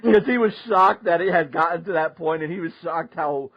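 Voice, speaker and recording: A man tells a story in a casual talk, his voice sitting a little high. He is animated and laughs often along the way. The sound is muffled and lo-fi. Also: fairly quick. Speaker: podcast host. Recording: muffled lo-fi audio.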